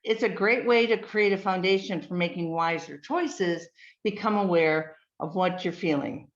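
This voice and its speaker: A woman giving a slide presentation, speaking in a measured way, listing words with frequent ums. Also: lowish voice. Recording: dull lo-fi recording.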